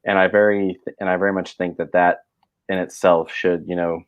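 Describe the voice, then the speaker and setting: Podcast host, man, low voice, rambling casual talk, muffled lo-fi recording. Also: level tone, moderate pace, smooth. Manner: rambling, full of fillers and restarts. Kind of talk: casual chat.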